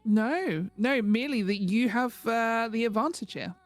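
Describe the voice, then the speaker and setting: A woman's voice: a little high, expressive, measured pace, no room sound, soft background music. Hesitant, formal-speaking woman player. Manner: hesitant, formal phrasing with many fillers. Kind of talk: in-character tabletop play.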